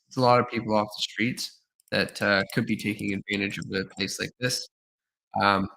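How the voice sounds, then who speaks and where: Tired man thinking aloud, lower voice. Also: sharp tone, low-quality recording. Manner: thinking aloud, halting with fillers. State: tired, slightly losing his voice. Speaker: livestream host and designer. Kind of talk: casual livestream commentary.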